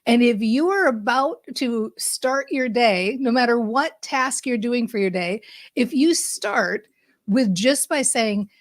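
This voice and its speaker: A woman hosting a podcast, giving an upbeat, emphatic motivational monologue that speeds up and slows down for effect. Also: fairly high pitch, expressive, no echo, studio quality. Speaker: podcast host and mindset coach.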